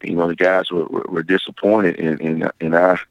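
A man, a basketball coach, talking in an interview with a raspy voice, rambling with many fillers and restarts. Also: deep voice, little pitch movement, normal speed, dry recording, dull audio. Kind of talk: phone-in interview.

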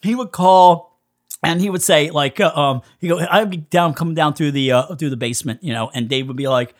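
A man's voice: a little high, a little fast. A man being interviewed on a podcast, telling stories casually, laughing often and acting out other people's lines. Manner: animated storyteller who laughs often and acts out quoted people. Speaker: podcast guest, musician.

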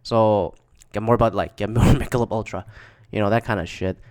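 A man's voice: fairly low pitch, fairly even intonation, fairly quick, a little mellow, clear, resonant tone. A man casually recounting games he went to, rambling and swearing, with lots of fillers. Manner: profane, rambling, with frequent fillers.

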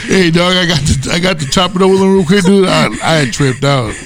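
A man co-hosting a podcast, talking in animated, slangy casual chat. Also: high voice, brisk, dry recording, clean studio sound, faint music behind. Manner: animated, slangy, laughs a lot. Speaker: podcast co-host. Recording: background noise.

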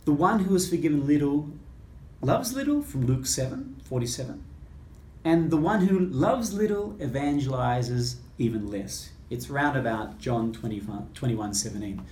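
A man, a Catholic priest, telling a personal story in a lively way and acting out the lines of the people in it. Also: mid-range voice, moderate pace. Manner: lively storyteller who acts out quoted dialogue. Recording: roomy echo with faint ambience.

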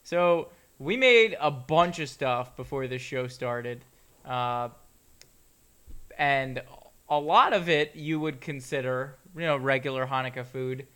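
Bright, clear-voiced joking podcast host man. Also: medium pitch, takes it slowly. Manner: joking, chatty. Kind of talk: casual chat.

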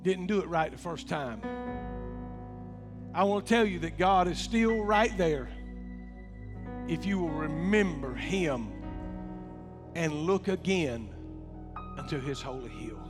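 High-voiced preacher in a reverberant church. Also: male voice. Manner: animated preaching, drops to soft hushed tones for quoted words. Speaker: pastor. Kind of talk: sermon. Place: church sanctuary. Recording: long hall reverb, faint music.

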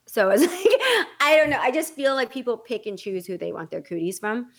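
Excitable, loud-laughing woman podcast host. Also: a little high, moderate pace, slightly rough. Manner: excitable, swears freely, laughs often. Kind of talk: casual chat.

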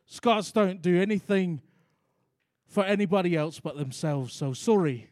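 Brief: a man playing a blunt, selfish Scot, high voice. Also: lively intonation, a little slow, a little mellow, no room sound, clean studio sound. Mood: stubborn. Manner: blunt, stubborn. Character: stubborn selfish Scottish male passenger.

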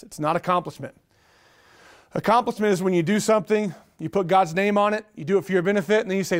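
A middle-aged man preaching a sermon, energetic, with rhetorical questions and repeated phrases. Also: high voice, a little fast. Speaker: pastor.

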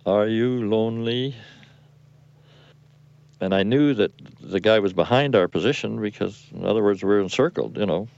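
An older man, a war veteran, recalling events in an interview with halting speech and frequent pauses for words. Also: lowish voice, vocal fry, a little mellow. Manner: halting, searching for words with many fillers. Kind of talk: recollection in interview. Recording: muffled lo-fi radio recording.

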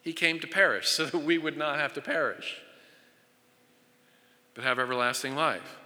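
A man preaches with an earnest, searching manner, circling back over his phrases as he builds a point. His voice is bright and ringing, a little higher than most men's. It rings out through a large hall with a long, trailing reverb. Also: normal speed. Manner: earnest preaching with frequent repetitions and restarts. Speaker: pastor. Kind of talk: sermon.

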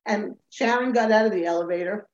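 A woman's voice: medium pitch, fairly quick. An older woman, a former dancer, telling her story in an interview, acting out the people in it and laughing often. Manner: animated storyteller who acts out quoted voices and laughs often. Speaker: guest, former Rockette. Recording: roomy, slightly dull remote audio.

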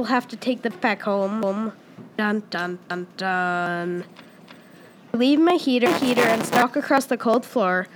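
A woman reading a first-person story aloud as its storyteller, pausing and restarting often with repeated words. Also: on the high side, slight background noise.

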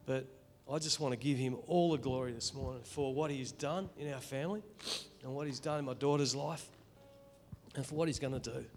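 Soft music plays behind a middle-aged Australian man giving an emotional, earnest testimony in church. His voice is mid-range and darkish, and he keeps halting and restarting.

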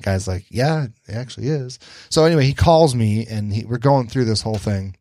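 A man's voice: medium pitch, a little fast, warm tone, no echo. A man hosting a podcast, telling a story casually, swearing freely and acting out the lines of the people in it. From Detroit area. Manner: swears freely, acts out quoted dialogue. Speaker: podcast host.

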